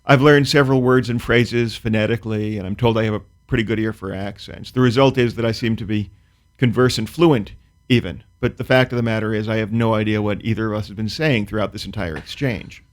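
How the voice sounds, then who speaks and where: A man's voice: fairly low pitch, fairly even intonation. Wry man telling a comic story. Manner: dry, precise, wry storytelling with pauses. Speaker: comedian and storyteller guest. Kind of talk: casual talk-show chat.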